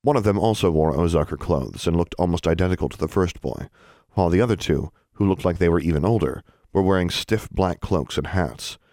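Deep-voiced male audiobook narrator, animated pitch, dry studio sound. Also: brisk, no echo. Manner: expressive storytelling.

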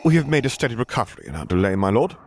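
A man doing a calm, measured starship captain. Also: mid-range voice, slight background noise, voice pushed up, close to an everyday voice. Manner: measured and even.

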